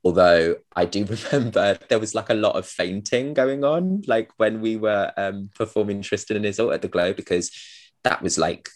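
A man with a lowish voice, an actor appearing as a podcast guest, chats casually at a moderate pace. His talk rambles, full of fillers and restarts, and he laughs at his own stories in this relaxed interview.

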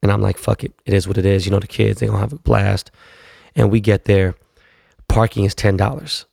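A man's voice: fairly low pitch, fairly even intonation, a little fast, creaky, a little mellow, slightly rough, dry recording, clean studio sound. A man, hosting a casual solo podcast and telling stories in a profane, laid-back way full of slang. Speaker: podcast host.

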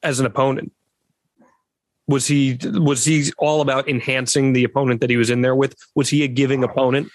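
A man's voice: mid-range voice, level tone, fairly quick, no echo. Male host, mid-range voice, upbeat interviewer tone, dry sound. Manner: upbeat, asks follow-ups. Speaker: podcast host. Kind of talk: interview questions.

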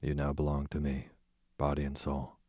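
A man voicing a smooth, sarcastic aristocratic duke with a dry, drawling manner. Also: rumbling low, monotone, normal speed, mellow, no room sound. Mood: sardonic. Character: sardonic aristocratic male duke, languid and smooth.

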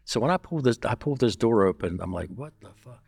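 A man telling a story as an interview guest, blunt and profane, getting animated. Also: mid-range voice, quick pace, husky, no echo, studio quality.

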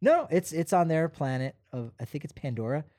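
A man's voice: on the high side, brisk, no room sound, studio quality. Laid-back man chatting sports. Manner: relaxed, rambling, many fillers. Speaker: podcast co-host. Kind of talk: casual sports chat.

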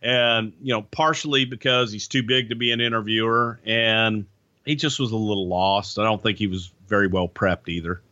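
Speaking at a moderate pace with a steady, bright, forceful tone, this lowish-voiced man recalls backstage wrestling politics as a podcast guest who once worked inside the business. He wanders casually through the story, restarting often and saying "you know" a lot, over dull lo-fi audio.

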